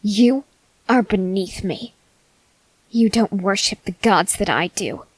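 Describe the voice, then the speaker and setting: A woman voicing an arrogant, unhinged young male cult leader in a whispered role-play, slow and intense, swinging between whispers and sharp outbursts. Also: medium pitch, breathy edge, no echo, poor audio. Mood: haughty. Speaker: ASMR voice actor.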